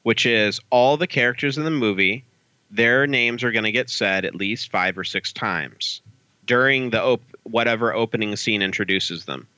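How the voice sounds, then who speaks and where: A man chatting about old movies, his voice fairly low but bright and forward. He talks casually and drops in quick asides and fillers. The sound is dry, with no room around it. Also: no room sound. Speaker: podcast co-host. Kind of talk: casual movie review chat.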